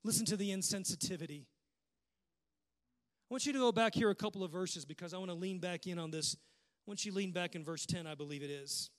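A man's voice: high-pitched, fast. A male pastor preaching a sermon with impassioned, rhythmic repetition.

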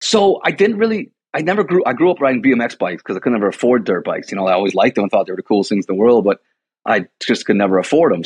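A man's voice: fairly low pitch, breathy edge, dry recording. A man from Milwaukee, a combat sports coach, rambling through a casual chat with lots of "like" and "you know". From Milwaukee, USA. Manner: rambling storyteller, heavy use of "like" and "you know". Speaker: boxing and Muay Thai coach, guest.

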